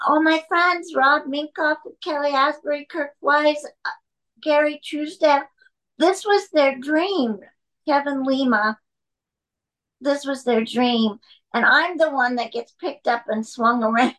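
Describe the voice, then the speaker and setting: A woman's voice: high voice, slow, fairly bright tone, poor audio. Chatty woman telling rambling stories. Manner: rambling anecdotes with laughs and asides to her cat. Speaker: interview guest, actress. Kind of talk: casual storytelling interview. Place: home.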